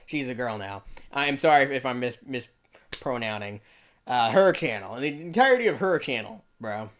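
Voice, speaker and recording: A man's voice: medium pitch, animated, normal speed, a bit bright. A young man giving casual reaction commentary, defensive, laughing often and saying "bro" a lot. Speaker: YouTuber reacting to a video.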